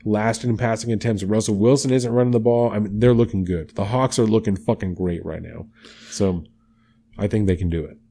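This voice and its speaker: Low-ish guy on a podcast, laid back, swears a lot, reading off football picks. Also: steady tone, fairly quick, mellow. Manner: profane, laid-back, reads off picks and odds. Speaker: podcast co-host. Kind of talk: casual sports chat.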